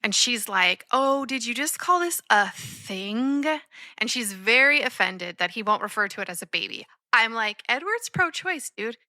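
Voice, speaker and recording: A woman co-hosting a podcast who recaps a film in casual chat, giggly and animated, acting out the characters' quotes. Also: a little high, normal speed, no room sound. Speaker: podcast co-host.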